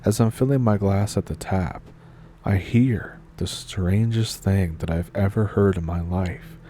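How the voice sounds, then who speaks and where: A man narrating spooky first-person stories in a calm, measured way. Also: deep voice, a little hiss or hum. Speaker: horror story narrator. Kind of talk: storytelling narration.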